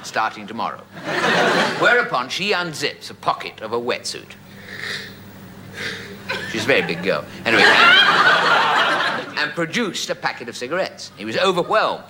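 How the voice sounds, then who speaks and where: A man's voice: mid-range voice, big pitch swings, normal speed, pauses often. Guy spinning a long rambling joke, voice all over the place, lots of noise behind. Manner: chatty storyteller, asides like "you see". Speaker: comedian telling a joke. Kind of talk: stand-up joke telling.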